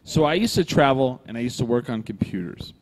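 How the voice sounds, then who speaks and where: A man's voice: medium pitch, fairly quick. A man telling a long, profane story in casual chat, acting out the other people's lines. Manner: profane, animated, acts out dialogue. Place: brewery.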